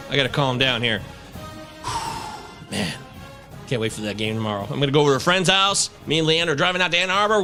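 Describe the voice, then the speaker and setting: Bright, animated man hosting a sports podcast. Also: on the high side. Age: 30s. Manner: animated, swearing, breaks into shouts and chants. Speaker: podcast host. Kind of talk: casual sports podcast rant.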